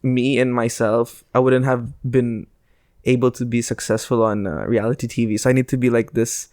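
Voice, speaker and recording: A man's voice: medium pitch, level tone, moderate pace, darkish tone, no echo, clean studio sound. Rambling, self-mocking man. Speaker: podcast co-host. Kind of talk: casual chat.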